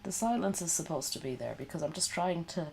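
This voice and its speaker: A woman's voice: lowish voice, fairly quick, gravelly, darkish tone, a little hiss or hum. A woman streaming from home at night while sick and coughing, rambling in sweary, sarcastic casual chat. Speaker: livestreamer.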